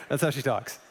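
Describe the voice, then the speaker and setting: A man's voice: medium pitch, background noise. Man telling his story in an echoing hall. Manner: animated, self-deprecating, quick asides to the audience. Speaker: speaker at a live event. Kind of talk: storytelling talk to a live audience. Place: large event hall on stage. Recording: long hall reverb.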